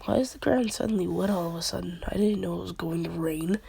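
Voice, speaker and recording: A woman's voice: on the low side, fast talker, creaky, background noise. A woman doing a brash, headstrong young fighter. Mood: puzzled. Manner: blunt, challenging.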